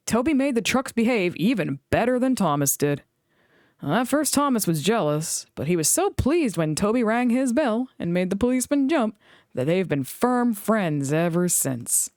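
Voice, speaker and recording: A woman reading a children's book aloud in an expressive storytelling voice. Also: medium pitch, moderate pace, dry recording, clean studio sound. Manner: expressive, animated read-aloud.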